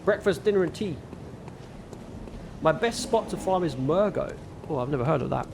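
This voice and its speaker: A man with a northern English accent talks to his viewers during a gaming livestream, loose and rambling, thanking people as he goes. His voice has a gravelly rasp at its base, and a faint hum of room noise sits behind him. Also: a little high, animated, moderate pace. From northern England. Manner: laid-back, rambling, thanks viewers often. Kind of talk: casual chat reading viewer messages while gaming.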